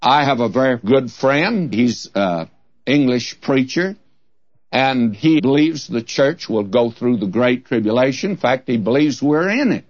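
A man's voice: medium pitch, expressive, unhurried. A man preaching a Bible-teaching sermon in a folksy, humorous storytelling manner. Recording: dull, dry lo-fi recording.

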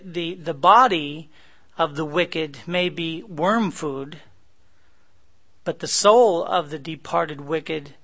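Middle-aged male preacher, high gravelly voice, builds to emphatic scripture readings, stops to correct himself. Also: a bit bright. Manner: self-correcting, repeats phrases, rises to emphatic reading of scripture. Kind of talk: sermon, expository Bible teaching.

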